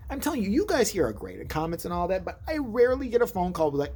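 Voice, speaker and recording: A man's voice: sits high, huge pitch swings, fast, few pauses, darkish tone, a little hiss or hum. A man giving a rambling, joking comic monologue to camera from inside a shop, drifting off on tangents. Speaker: vlogger. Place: adult store.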